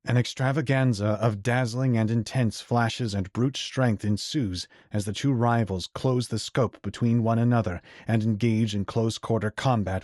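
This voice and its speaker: A man narrating a fantasy audiobook in a measured, even storytelling voice. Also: lowish voice, no echo, clean studio sound.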